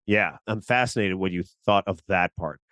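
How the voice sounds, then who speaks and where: A man co-hosting a podcast, discussing a TV episode in a lively way and acting out the characters' lines. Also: sits low, moderate pace, no room sound. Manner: animated, acts out quotes, laughs easily. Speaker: podcast co-host. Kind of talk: casual discussion of a TV show.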